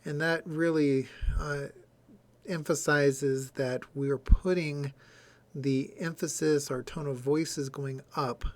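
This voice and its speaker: A man's voice: a little high, fairly even intonation, takes it slowly. A man giving a recorded lecture, explaining step by step and sounding out example words.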